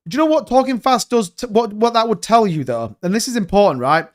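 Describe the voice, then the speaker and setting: A young man with a high-pitched voice hosts a crypto live stream, talking fast and excitedly. He rambles casually while reading viewer comments.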